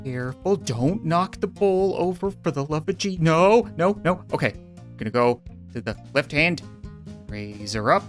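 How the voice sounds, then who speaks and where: A woman giving comedic let's-play commentary, swinging between panicked squeals and dry sarcastic calm. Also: low-pitched, a little slow, faint music behind. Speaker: gaming video host.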